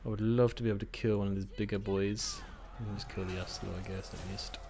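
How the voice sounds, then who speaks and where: Guy doing casual card game commentary, low voice, just chatting and thinking out loud. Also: fairly even intonation, fast talker, background noise. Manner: chatty, thinking aloud, self-mocking. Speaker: gaming video host.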